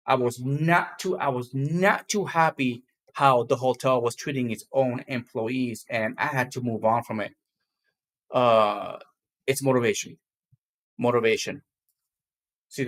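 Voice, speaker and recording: Male co-host for a casual talk show, candid and rambling, loops back on his words. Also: medium pitch. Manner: rambling, repeats himself, blunt and candid. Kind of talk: casual morning talk to viewers.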